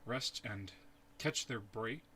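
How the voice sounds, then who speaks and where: A man narrating a tabletop game as its game master in a slow, measured way. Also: medium pitch, sharp tone, a little hiss or hum.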